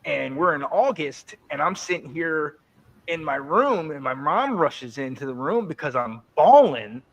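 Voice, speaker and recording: A North Carolina man in his forties co-hosts a podcast, sharing animated sports stories in a slightly high voice and a little slowly. The chat is loose and casual, and he often stumbles over and repeats words.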